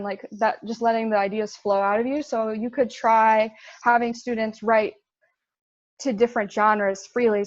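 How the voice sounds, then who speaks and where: A woman's voice: medium pitch, dry recording, dull audio. A young woman giving a casual intern presentation, chatty, with fillers and laughs at her own slips.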